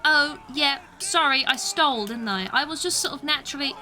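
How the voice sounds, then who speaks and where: A woman's voice: high voice, lively intonation, moderate pace, sharp tone, a little hiss or hum. A young British woman streaming a game, chatting casually, mocking herself and laughing often. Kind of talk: casual gameplay commentary.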